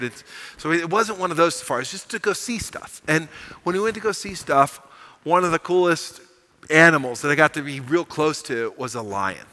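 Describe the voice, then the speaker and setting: A man's voice: on the high side, expressive, normal speed, pushed and bright, poor audio. A middle-aged man preaching a sermon as pastor, telling a story with animation and building to emphatic proclamations. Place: church sanctuary.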